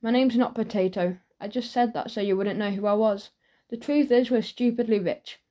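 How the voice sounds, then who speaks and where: Woman reading as a shy rich schoolboy, earnest, quick, soft warm tone, storybook. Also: a little high, steady tone, natural voice. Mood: sorrowful.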